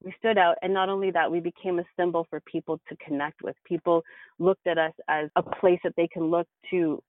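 A woman's voice: lowish voice, fairly even intonation, fairly quick, no room sound. A woman guest in an interview, telling her life story in an earnest, reflective way. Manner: earnest and reflective, with bursts of laughter. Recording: tinny phone-like line, dry.

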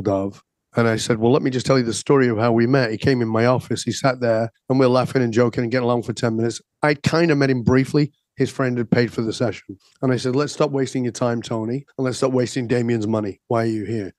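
A man working as a transformation coach, telling stories emphatically and acting out quick back-and-forth dialogue in conversation. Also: medium pitch, darkish tone, no room sound. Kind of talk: animated storytelling in conversation.

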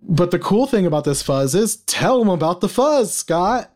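A man co-hosting a casual podcast, excitable and jokey, laughing often. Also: high-pitched, normal speed. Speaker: podcast co-host. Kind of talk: casual chat.

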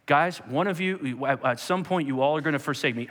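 A man preaching a sermon in an animated way, jumping into sudden high-pitched bursts when he acts out quotes. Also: fairly quick. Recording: long hall reverb.

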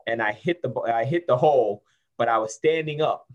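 A man's voice: mid-range voice, normal speed, dull audio. A man in his fifties, from Syracuse, New York, telling a story about his college football days in a casual interview, with many restarts and fillers. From Syracuse, New York, USA. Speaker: guest, former college football player.

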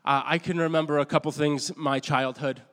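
A man's voice: on the high side, fairly even intonation, a bit bright. Man preaching in a reverberant hall. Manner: conversational storytelling, halting restarts, self-deprecating. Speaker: pastor. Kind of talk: sermon.

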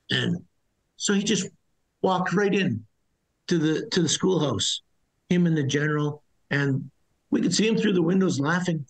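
A man's voice: fairly high pitch, lively intonation, normal speed, low-quality recording. A middle-aged man, a former soldier as interview guest, telling his story bluntly and ramblingly, with many restarts. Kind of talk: conversational storytelling.

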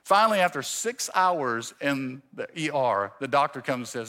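A male pastor in his forties preaching a sermon, telling a self-mocking story with animated quoted voices. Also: medium pitch, normal speed. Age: 40s. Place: church stage.

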